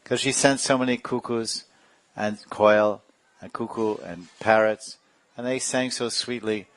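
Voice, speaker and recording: Low-voiced man telling devotional stories. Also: a little slow, no echo. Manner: animated storyteller with sound effects and asides. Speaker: spiritual teacher. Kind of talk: devotional storytelling class.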